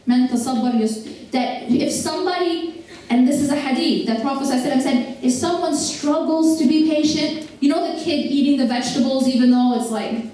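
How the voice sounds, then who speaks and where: A woman with a high, mellow voice gives a religious talk, speaking slowly. She keeps turning to the audience with direct questions and slips into casual slang. Her voice rings through a very echoey hall and is picked up from some distance. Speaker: Islamic lecturer. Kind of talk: religious lecture to a live audience.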